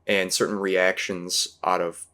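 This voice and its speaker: A man's voice: low voice, little pitch movement, measured pace, sharp tone. A man in casual movie talk, rambling and searching for words with many fillers. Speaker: podcast host.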